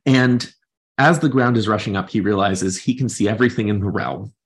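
A man's voice: fairly low pitch, a little fast. A man hosting a podcast, thoughtfully discussing a book and retelling its chapters at length in his own words. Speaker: podcast host.

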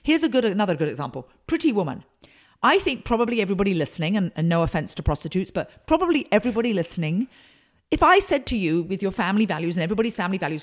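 Woman consultant, podcast guest; lively, emphatic storyteller with a mid-range voice. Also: medium pitch, fast. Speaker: consultant and speaker. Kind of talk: podcast interview.

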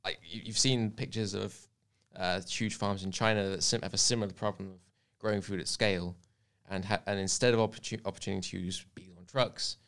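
A man explaining an issue in a relaxed chat, his speech full of "like" and small restarts. His voice is low with a noticeable gravelly fry. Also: a little fast, hardly any pauses. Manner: explaining, filler-heavy with frequent "like". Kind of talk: casual chat.

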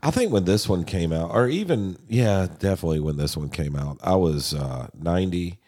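A man's voice: low voice, lively intonation, normal speed, a little mellow. A middle-aged man co-hosting a podcast, rambling enthusiastically and swearing about metal drummers. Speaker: podcast co-host. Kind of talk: casual album-review chat.

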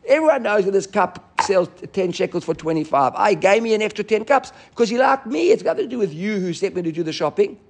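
Animated man teaching a Talmud class. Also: sits high, brisk, vocal fry, few pauses. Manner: animated, restarts often, mixes Hebrew and Aramaic terms.

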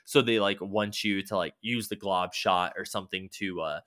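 A man's voice: sits low, fairly even intonation, normal speed, pushed and bright, dry recording, clean studio sound. A man casually rambling about a video game, loose and swearing now and then, with many fillers.

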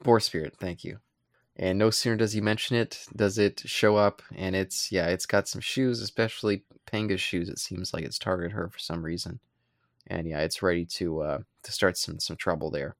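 A man co-hosting a podcast, recapping a comic in a relaxed, rambling way with playful asides. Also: sits low, normal speed, no room sound, studio quality. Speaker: podcast co-host. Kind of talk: casual chat recapping a comic.

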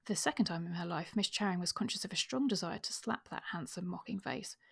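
A woman with a somewhat low, breathy voice, co-hosting a book podcast. She discusses the story casually and reads passages aloud at a measured, even pace. Her delivery stays relaxed. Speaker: podcast co-host.

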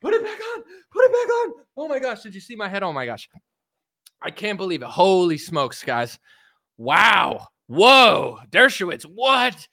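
A man putting on the voice of a frantic, hysterical male streamer who shrieks and shouts. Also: high-pitched, wildly swooping pitch, unhurried, pitched above the performer's own voice, exaggerated voice.

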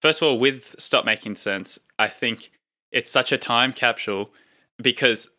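A man's voice: mid-range voice, a little slow, sharp tone. A man co-hosting a casual chat, rambling with many fillers. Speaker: podcast co-host.

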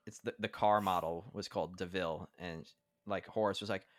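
Man, very deep voice, rambling casual movie chat, dry close sound. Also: fairly even intonation, moderate pace, dry recording. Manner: rambling, loose, with lots of fillers.

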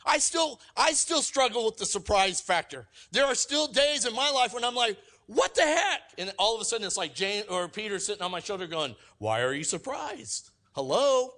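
High, bright-voiced energetic male preacher. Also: a little fast, few pauses. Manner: energetic, swings between loud emphatic peaks and soft asides; acts out quoted voices and jokes with the congregation. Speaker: pastor. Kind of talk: sermon.

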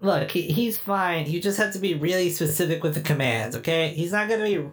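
A woman's voice: lowish voice, fairly quick. A woman playing a tabletop role-playing game, matter-of-fact and a bit impatient. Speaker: player.

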